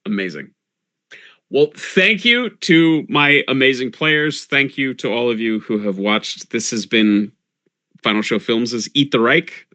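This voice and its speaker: A man's voice: mid-range voice, expressive, unhurried, bright, forceful tone. A man narrating a live tabletop game as game master, describing scenes like camera shots, with frequent fillers and restarts.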